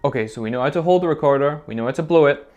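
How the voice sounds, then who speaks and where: In a children's recorder lesson video, a male music teacher with a fairly high pitch speaks at a racing pace. He's encouraging and explains patiently step by step, frequently checking in with "okay?".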